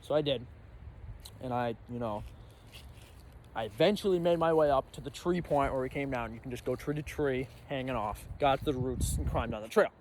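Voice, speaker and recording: A young man telling a casual storytime vlog, animated and acting out his own panicked reactions. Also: medium pitch, normal speed, a little hiss or hum. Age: young adult. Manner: animated, acts out his own reactions with sudden loud bursts. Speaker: storyteller vlogger.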